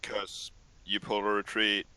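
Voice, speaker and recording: Blunt, crisp-voiced player man. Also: fairly low pitch, completely flat delivery, unhurried, sharp tone, no echo, low-quality recording. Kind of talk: casual gaming chat.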